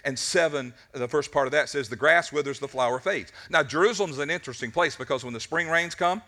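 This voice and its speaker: Forceful, bright-voiced preacher man. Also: a little high, a little fast, hardly any pauses. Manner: animated storytelling with frequent repeated words. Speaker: pastor. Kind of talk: sermon. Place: church service.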